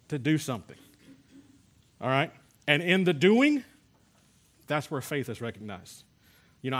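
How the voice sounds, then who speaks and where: A man's voice: a little high, a bit bright. A man preaching to a class, telling personal stories and asking rhetorical questions in a conversational way. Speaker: pastor teaching a healing class. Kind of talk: sermon.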